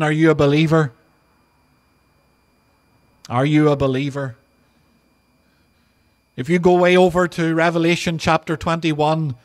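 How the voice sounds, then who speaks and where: A male pastor, preaching an earnest sermon and slowing down to stress each scripture quote. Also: a little high. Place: outdoor drive-in church service.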